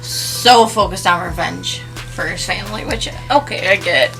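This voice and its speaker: A woman's voice: on the low side, moderate pace, creaky, music in the background. A young woman co-reviewing a movie in casual chat, blunt and exasperated. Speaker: guest co-reviewer.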